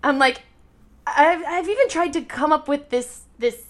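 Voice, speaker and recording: A young woman in casual chat, talking in an animated, rambling way with lots of "like". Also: sits high, a little slow, over a noisy crowd. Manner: animated, rambling storytelling with frequent "like".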